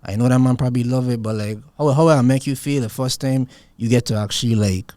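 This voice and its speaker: A man's voice: medium pitch, quick pace, dark tone, dry recording. A man hosting a podcast interview, asking questions in hyped, slangy casual talk. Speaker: podcast host.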